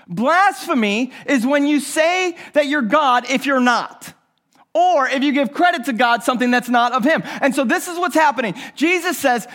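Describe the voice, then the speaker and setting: A man's voice: very high-pitched, fairly bright tone. A male pastor preaching a sermon, repeating his phrases and asking the listeners rhetorical questions.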